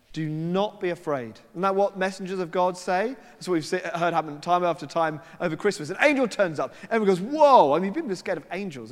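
A man preaching a sermon, telling stories in a chatty way and acting out the people he quotes. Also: on the high side. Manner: conversational storytelling with quoted voices and asides. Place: church. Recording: long hall reverb.

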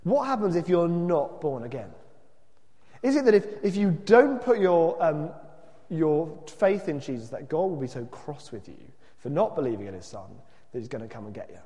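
Brief: preacher, fairly high and animated, expressive storytelling; long hall reverb. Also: male voice, normal speed. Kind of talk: sermon with a read-aloud story.

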